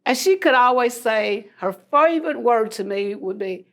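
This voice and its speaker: A woman's voice: on the high side, expressive, normal speed, hardly any pauses. Woman giving an earnest memorial tribute. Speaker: tribute speaker.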